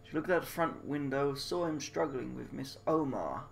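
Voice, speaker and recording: A man's voice: medium pitch, moderate pace, gravelly, few pauses, slight background noise. A man reading a mystery game aloud with crude, confused, mocking asides. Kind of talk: casual game commentary.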